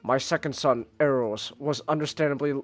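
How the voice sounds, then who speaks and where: A man voicing a wise old alien patriarch, reading comic dialogue slowly and solemnly. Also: mid-range voice, soft background music, close to an everyday voice. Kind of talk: reading comics aloud on stream.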